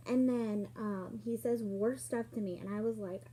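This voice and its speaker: A woman telling a personal story in a casual vlog, acting out what people said with sudden jumps in pitch and loudness. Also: moderate pace, a little hiss or hum. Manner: animated, acts out quoted lines with sudden jumps in pitch and loudness.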